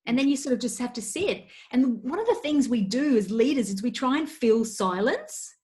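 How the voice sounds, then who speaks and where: A woman's voice: fairly high pitch, normal speed. Woman coach giving practical advice. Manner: practical, steady, lots of "you know" fillers. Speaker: coach and consultant, guest. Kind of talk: remote webinar advice talk.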